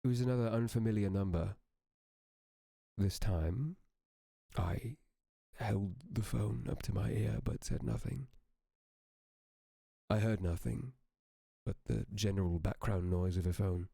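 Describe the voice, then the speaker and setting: A man streaming, who reads a horror story aloud in a slow, steady storytelling manner. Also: fairly low pitch, gravelly, no echo.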